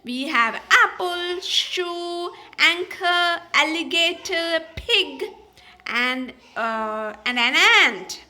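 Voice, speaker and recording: A woman teaching phonics to young children, repeating each sound and word slowly and patiently, with small slips and restarts. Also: very high voice, sharp tone. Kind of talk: slow, sing-song phonics lesson for young children.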